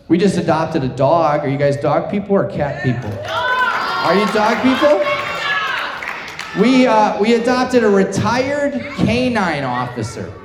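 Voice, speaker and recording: A middle-aged man doing stand-up on a theater stage, his voice sitting high for a man. He tells self-deprecating stories and chats with the crowd. The hall rings with long, roomy reverb around his mic. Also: background noise. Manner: chatty self-deprecating storytelling with crowd work. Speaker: stand-up comedian. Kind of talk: stand-up comedy set. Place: theater stage before a live audience.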